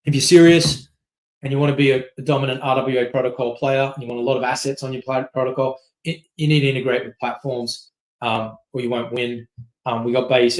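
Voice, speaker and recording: Guy running through slides in a loose presentation, lots of ums and "right?", middle-pitched voice. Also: low-quality recording. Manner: quick, loose, filler-heavy, keeps asking "right?". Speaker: company CEO giving a masterclass. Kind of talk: casual presentation talk.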